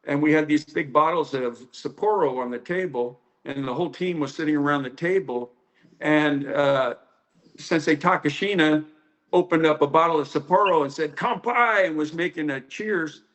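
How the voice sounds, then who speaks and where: A karate instructor from the United States telling stories in an interview, rambling with many fillers and acting out the quoted lines. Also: male voice, fairly high pitch, normal speed, a bit bright. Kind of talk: storytelling interview.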